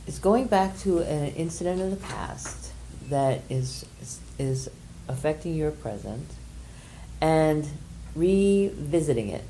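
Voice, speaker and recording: With a deep, animated voice, an older woman leading a workshop explains an exercise and shares a personal story, her gentle speech broken by hesitant pauses. There's slight background noise.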